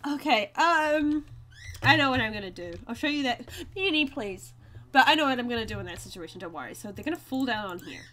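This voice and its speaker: A woman narrates her game to viewers in a chatty, giggly way. Her voice sits high and swoops around animatedly, with a bright, sharp tone. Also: lively intonation, a little fast. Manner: chatty, giggly, talks to viewers while playing. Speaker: gaming video host. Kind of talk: casual let's-play commentary.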